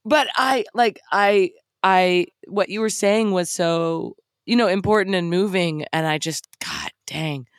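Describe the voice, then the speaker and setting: A woman's voice: medium pitch, a little slow, hardly any pauses, no room sound. A woman co-hosting a podcast, chatty and self-deprecating, often breaking into giggles. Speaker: podcast co-host, writer. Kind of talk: casual podcast chat.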